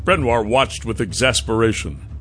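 A man narrating a fantasy audiobook in a measured, deliberate way. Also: mid-range voice, expressive, a bit bright. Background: faint music.

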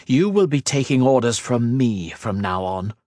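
A man's voice: medium pitch, very animated, normal speed, no echo, studio quality, pitched above the performer's own voice. A man voicing a stern, commanding young mage lord who gives clipped orders in a raised voice.

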